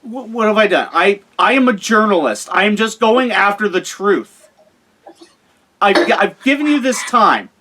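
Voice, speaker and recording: A man's voice: sits high, lively intonation, a little slow, sharp tone. A man hosting an in-character interview, hesitant and stammering. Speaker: host interviewer.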